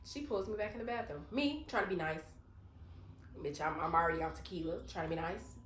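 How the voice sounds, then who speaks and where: A woman co-hosting a mukbang, telling a loud, profane story in casual chat and quoting other people along the way. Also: lowish voice, fairly quick, a little hiss or hum. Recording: echoey room.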